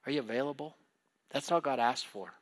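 A man preaching a sermon in an animated way, acting out the voices of biblical figures as he retells their stories. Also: medium pitch, brisk.

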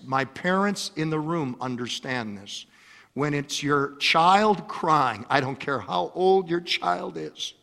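A man preaching a sermon, impassioned, repeating his phrases and swinging between loud exhortation and hushed storytelling. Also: on the high side, gravelly, long reverb tail. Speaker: pastor. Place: church.

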